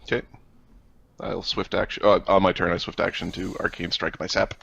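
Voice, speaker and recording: Gravelly, jokey male player. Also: low voice, flat delivery, a little fast, a bit bright, highs cut off. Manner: jokey, laughs often. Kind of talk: casual tabletop play.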